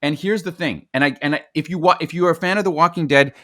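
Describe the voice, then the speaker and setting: A man hosting a casual podcast, talking in an animated, rambling, opinionated way. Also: a little high, quick pace. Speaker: podcast host.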